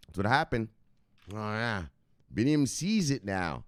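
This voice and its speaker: A man's voice: fairly low pitch, lively intonation, normal speed, clean tone, dry recording, studio quality. A man hosting a casual vlog, talking loosely with lots of swearing and laughter at home. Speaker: host.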